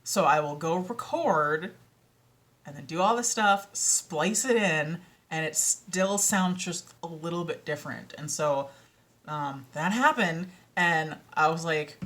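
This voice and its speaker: A tired woman with a Minnesotan accent, a vlogger and audiobook narrator, chats in a casual vlog. Her voice is low and a bit bright, and she rambles and doubts herself, often dropping into whispers.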